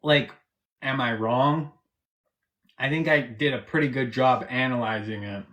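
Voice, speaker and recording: A man's voice: medium pitch, a little slow, a bit bright, lo-fi sound. A man hosting a live stream, arguing in a profane, combative and mocking way. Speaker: livestream host. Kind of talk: heated live-stream argument.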